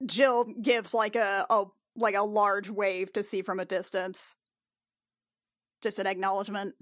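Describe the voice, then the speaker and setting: A woman's voice: mid-range voice, flat delivery, measured pace, fairly bright tone, dry recording. Chatty woman at a tabletop game, lots of "like", dry close mic sound. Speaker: player. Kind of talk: casual tabletop play.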